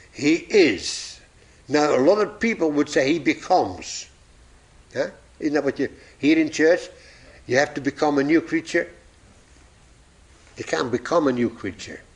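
A man preaching a sermon, telling illustrations and acting out the voices in his stories, chuckling at his own jokes. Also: on the high side.

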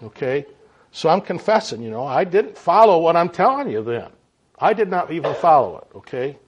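A man preaching a sermon in a folksy, animated way, often checking in with his listeners. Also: a little high, moderate pace, a little hiss or hum. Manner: folksy, animated, frequent "right?" and "okay?" to the audience. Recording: dull lo-fi sound.

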